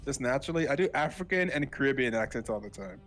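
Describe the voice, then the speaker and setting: A man's voice: medium pitch, lively intonation, fast talker, fairly bright tone. A man from the southern United States casting an esports match in a casual, rambling way, full of fillers and self-corrections. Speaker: esports shoutcaster. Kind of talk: casual live esports commentary.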